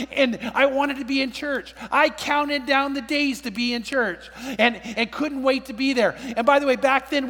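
A man's voice: extremely high pitch, a bit bright. An older man preaching a sermon, telling stories with emphatic, repeated phrases. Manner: storytelling, emphatic, repeats words. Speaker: pastor. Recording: reverberant hall.

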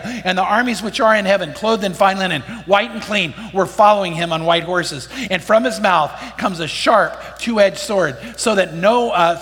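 A man's voice: high-pitched, bright, forceful tone. A middle-aged man preaching a sermon to a congregation, telling stories and asking rhetorical questions. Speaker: pastor. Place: church. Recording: long hall reverb.

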